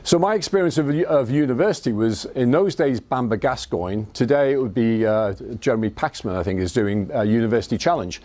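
A man's voice: mid-range voice, darkish tone. Scouse man giving an anecdotal talk. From Liverpool, England. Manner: anecdotal, self-deprecating, halting restarts. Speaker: invited speaker. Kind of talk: evening talk to an audience.

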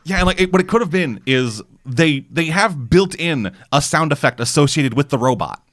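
A man's voice: a little high, animated, a bit bright, dry recording, clean studio sound. A man riffing sarcastically in casual chat, swearing freely. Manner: fast, profane, sarcastic riffing.

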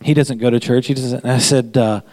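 A man's voice: mid-range voice, steady tone, brisk, darkish tone, no echo. A man pastor giving a chatty sermon, telling anecdotes and repeating phrases for emphasis. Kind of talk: conversational sermon.

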